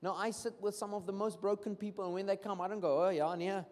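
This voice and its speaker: Long hall reverb fills this church hall recording of a sermon by a man with a South African accent. His voice sits high and he talks fast, switching between English and Afrikaans as he tells animated stories and acts out what people say.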